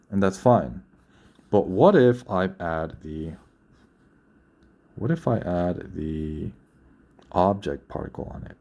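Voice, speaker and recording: Patient and deep-voiced, this young male Korean teacher walks through a grammar lesson in a mellow tone, frequently going back to repeat or fix what he just said.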